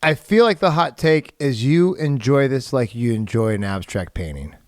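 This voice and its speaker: A man's voice: medium pitch, expressive, normal speed, no room sound, clean studio sound. A man co-hosting a film podcast, rambling casually with lots of fillers and chuckles. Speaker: podcast co-host. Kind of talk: casual chat.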